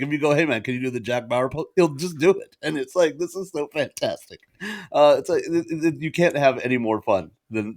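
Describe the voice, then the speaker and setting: A middle-aged man on a podcast telling a story in a casual way, laughing often and acting out the dialogue. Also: on the high side.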